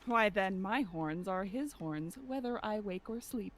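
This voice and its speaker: A woman's voice: medium pitch, animated, close to an everyday voice. A woman reading a witty, punning young male servant in a live amateur read-through of a play. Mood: cheeky. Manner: quick cheeky punning banter.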